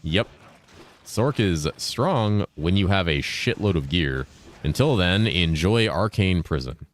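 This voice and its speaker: A man in his thirties with a remarkably deep, low voice talks loosely with his stream chat, cursing offhandedly between topics. He speaks in a deliberate, clearly enunciated voice with a slightly raised inflection. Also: expressive. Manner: laid-back, profane, reads and answers chat while playing. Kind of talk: casual gaming livestream chat.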